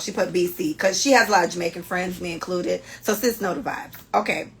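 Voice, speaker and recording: A woman hosts a casual podcast and reads listener stories aloud, breaking in with blunt, profane commentary. Her voice has a gravelly, fried texture. She reads slowly and deliberately, then talks freely between passages. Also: lowish voice. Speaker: podcast host.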